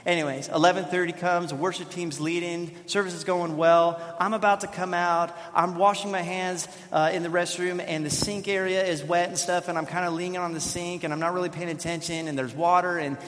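A man in his thirties preaching, with a fairly high voice that rings out into a long hall reverb. He tells stories in an animated, self-deprecating way. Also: a little fast, hardly any pauses, slight background noise. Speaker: pastor. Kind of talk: sermon. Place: church sanctuary.

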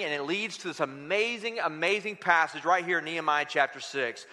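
A pastor preaching an energetic, humorous sermon in a church, addressing the congregation directly. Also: male voice, high-pitched, moderate pace, hardly any pauses. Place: church sanctuary. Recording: echoey hall.

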